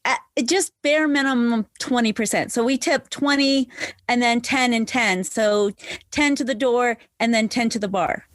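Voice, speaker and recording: A woman's voice: fairly high pitch, normal speed, no echo. A woman guest on a podcast chatting frankly and laughing often, joining over a video call. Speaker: podcast guest, former dancer. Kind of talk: casual interview chat.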